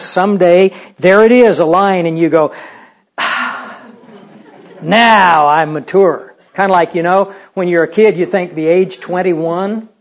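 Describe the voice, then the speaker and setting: A male pastor with a fairly high-pitched, darkish voice delivers a sermon in a conversational, humorous style packed with rhetorical questions. The recording sounds dull and lo-fi.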